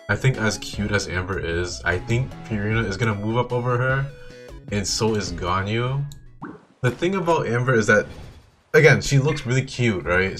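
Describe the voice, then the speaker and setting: A man's voice: fairly low pitch, a bit bright. A young man hosting a video with enthusiastic casual commentary, swearing often and repeating himself as he talks. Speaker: video host. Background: faint game music.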